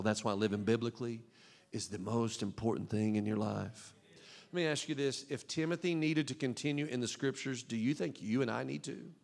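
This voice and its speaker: A male pastor preaching a fervent sermon in a church, at times rising to shouts. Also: mid-range voice, creaky. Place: church sanctuary. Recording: long hall reverb.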